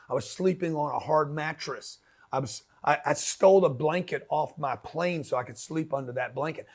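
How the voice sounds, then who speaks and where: A middle-aged man giving a blunt, pushy motivational talk in slangy street language. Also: a little high. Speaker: business speaker.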